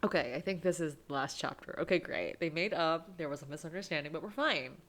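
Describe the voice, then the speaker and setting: A woman's voice: low-pitched, a little fast, a bit bright. A woman playing through a visual novel and chatting casually, rambling with lots of "you know"s. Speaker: let's play streamer. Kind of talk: casual game commentary.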